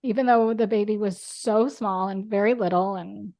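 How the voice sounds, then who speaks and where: A woman guest on a podcast, talking earnestly in casual chat, with quick bursts and lots of "like". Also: mid-range voice, fairly even intonation, dark tone.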